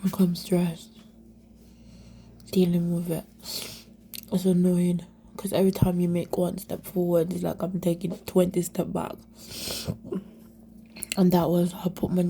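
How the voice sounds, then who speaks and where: A young woman telling her own story of domestic abuse in halting, repetitive speech that often slips into a whisper. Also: lowish voice, dark tone, slightly rough. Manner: halting, repeats herself, many fillers; often drops to an unvoiced whisper. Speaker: survivor sharing her story. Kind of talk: emotional personal testimony.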